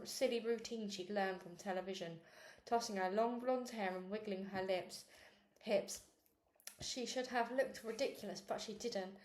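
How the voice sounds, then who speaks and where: A woman reads a children's book aloud in an echoey room with faint noise. She makes small slips and restarts, and raises her pitch when voicing the girls' lines.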